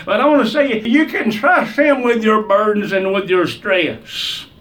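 A man's voice: high-pitched, measured pace, fairly bright tone, distant mic. A man preaching a sermon with an emphatic, repetitive cadence.

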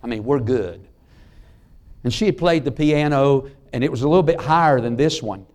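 A middle-aged man preaching a sermon in a church. He tells folksy stories and drops to a hush on key lines. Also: medium pitch. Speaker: pastor. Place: church sanctuary.

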